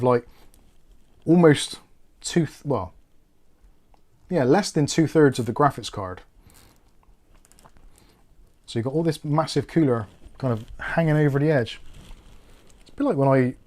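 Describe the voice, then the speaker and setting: A man's voice: medium pitch, darkish tone. Bristolian man chatting while he works. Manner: chatty, thinks aloud while working. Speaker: host building a PC on a livestream. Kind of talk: casual livestream chat.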